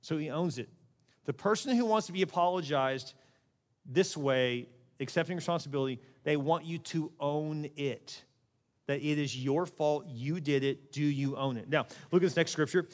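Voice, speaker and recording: Animated preacher in a reverberant hall. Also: male voice, a little high, normal speed. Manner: animated, conversational preaching with acted-out quotes. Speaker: pastor. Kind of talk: sermon.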